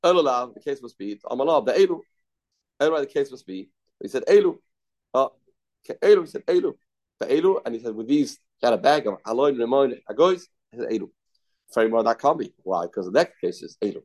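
A man teaches a Talmud class at a middle pitch. He circles back over each phrase, repeating words as he reasons his way through the passage aloud. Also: animated, quick pace, darkish tone. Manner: repetitive, thinking aloud, mixing Aramaic terms into English. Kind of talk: Talmud study lesson.

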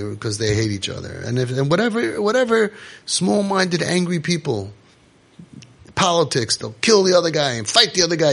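A man's voice: fairly high pitch, sing-song, normal speed, vocal fry, fairly bright tone. A man, delivering an impassioned monologue full of rhetorical questions and Yiddish terms. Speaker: parenting organization speaker.

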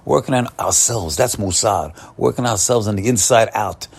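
A man's voice: fairly low pitch, moderate pace, vocal fry, breathy edge. A man giving an upbeat, encouraging morning Torah talk, often repeating and restarting his phrases. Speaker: Torah teacher.

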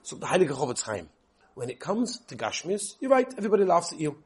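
A man giving a lively Torah lesson, telling stories and addressing his listeners directly. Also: on the high side, fairly quick, slightly rough. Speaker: Torah teacher.

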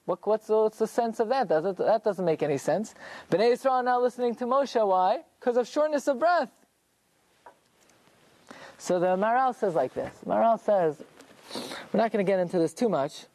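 A man's voice: high voice, animated, normal speed, a little mellow, dry recording. A man teaching a Torah lesson in a classroom, working through rhetorical questions and answering them himself.

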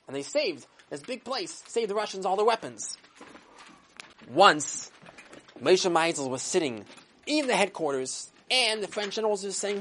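A woman's voice: medium pitch, sing-song, a little slow, a bit bright, a little hiss or hum. A woman telling a story to children, dramatic and full of acted voices. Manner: dramatic, with sound effects and voices. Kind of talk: animated storytelling.

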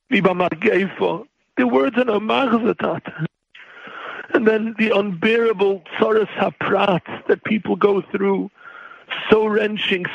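A man preaching as a rabbi, his voice set high and edged with a gravelly fry. He pleads with great feeling and climbs toward near cries. The sound is dry and a little dull, with no room around it. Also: no echo. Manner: pleading, emotional, rising to cries. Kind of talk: impassioned sermon.

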